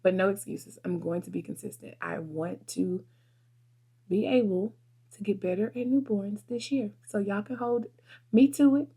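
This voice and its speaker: A woman's voice: medium pitch, normal speed, mellow, slightly rough. A woman, chatting earnestly and heartfelt to her viewers at her desk. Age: 30s. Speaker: vlogger and photographer. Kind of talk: casual desk chat to camera.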